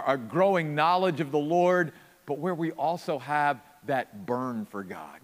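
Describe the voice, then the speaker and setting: A man's voice: a little high, fairly bright tone, long reverb tail. A man preaching an earnest sermon, piling up repeated phrases for emphasis. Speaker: pastor.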